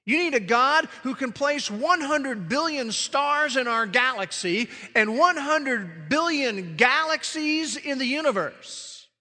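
Male preacher, slow and dramatic, loud proclamations dropping to hushed emphasis, long hall reverb. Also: extremely high pitch, lively intonation. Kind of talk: sermon.

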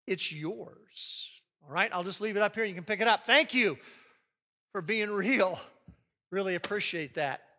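High bright-voiced guy preaching, really animated, acts out little arguments. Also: measured pace. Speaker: pastor leading a marriage session. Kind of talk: sermon.

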